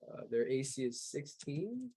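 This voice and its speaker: A man's voice: mid-range voice, sing-song, unhurried, mellow, husky, low-quality recording. A man running a tabletop game as game master, talking in a loose, rambling way with casual swearing.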